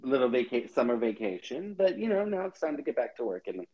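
A man co-hosting a podcast, telling stories in a chatty, dramatic, animated way. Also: medium pitch, fast talker, dull audio. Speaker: podcast co-host. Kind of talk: casual chat.

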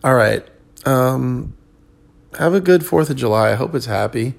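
A man with a very gravelly, creaky voice chats alone on his podcast, worn out and loose. He wanders from thought to thought, full of ums and self-corrections, at a mid pitch. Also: expressive, unhurried. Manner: rambling, many ums and restarts. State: tired. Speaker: comedian podcast host. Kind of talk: casual solo chat.

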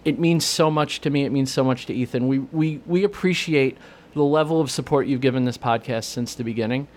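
A man hosting a casual podcast, his voice catching as he fights back tears and laughs through it. He talks in an everyday, mid-pitched tone. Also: fairly quick. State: voice breaking with emotion. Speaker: podcast host.

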